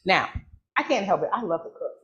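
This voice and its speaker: An excitable woman hosts a live cooking demonstration. She chats straight to her audience, repeats herself and keeps calling out to them. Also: fairly low pitch, fairly quick, muffled recording. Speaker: church cooking demo host.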